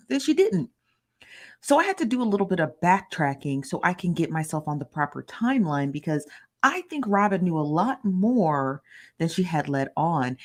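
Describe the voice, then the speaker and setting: A woman hosting a casual live stream, chatty and playful, greeting viewers by name and tossing in rhetorical questions. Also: on the low side. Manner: conversational asides and rhetorical questions. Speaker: host of a live gossip stream.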